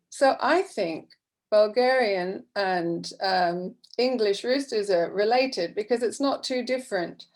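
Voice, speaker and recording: Slow, patient woman teacher trainer. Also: fairly high pitch, a little mellow. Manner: patient, slow, explanatory, with many fillers. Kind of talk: online teacher-training talk.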